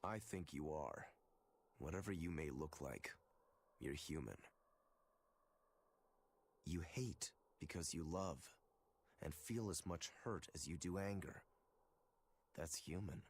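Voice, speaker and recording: Rokuro, a deep-voiced demon swordsman. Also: takes it slowly, pauses often, husky, exaggerated voice. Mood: earnest. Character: male demon swordsman, brooding and blunt.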